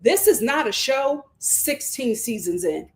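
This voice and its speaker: A woman, giving an animated, gossipy live review of reality TV. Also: fairly high pitch, measured pace. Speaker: show reviewer.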